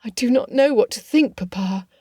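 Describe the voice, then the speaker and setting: A woman's voice: fairly high pitch, normal speed, mellow, no room sound, clean studio sound, pitched above the performer's own voice, close to an everyday voice. A woman voicing a young heroine in an audiobook, speaking in a raised, emotional, pleading voice. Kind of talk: audiobook character voice.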